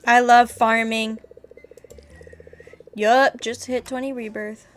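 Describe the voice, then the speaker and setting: A woman's voice: fairly high pitch, level tone, takes it slowly. A woman streaming games and chatting candidly, rambling and swearing freely. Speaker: VTuber streamer. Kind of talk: casual livestream chat.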